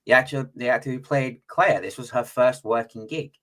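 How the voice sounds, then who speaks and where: A man's voice: medium pitch, fairly even intonation, normal speed, a bit bright. A man with a British accent, co-hosting a podcast in casual chat, rambling with lots of fillers and the odd swear. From Britain. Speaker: podcast co-host.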